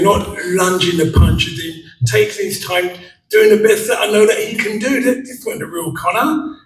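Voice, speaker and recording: A man's voice: high-pitched, a little hiss or hum. A man, father of a fighter, telling jokey stories at a press conference and acting out what others said. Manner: jokey, storytelling, acts out quotes. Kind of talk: animated press conference talk. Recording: echoey room from far off with faint ambience.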